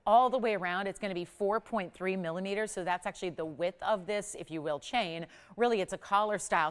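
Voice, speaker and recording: A woman hosts a live home shopping show from a TV studio, delivering a chatty, upbeat sales pitch for jewelry in a smooth voice.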